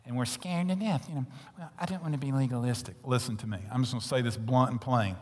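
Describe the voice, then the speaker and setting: Male pastor, blunt, fiery sermon delivery, mid-pitched, church-hall reverb. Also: quick pace, few pauses. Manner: blunt, intense preaching with sudden hushed whispers and loud peaks.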